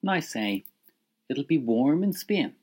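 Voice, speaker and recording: A man's voice: mid-range voice, very animated, measured pace, a little mellow, husky. A man teaching an audio language lesson, encouraging the listener and prompting them to repeat phrases.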